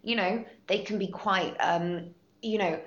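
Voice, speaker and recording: A woman's voice: mid-range voice, unhurried, fairly bright tone. A woman voice actress in a podcast interview, talking enthusiastically and repeating her words. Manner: enthusiastic, effusive, repeats herself. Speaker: guest voice actress. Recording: echoey room, dull lo-fi sound.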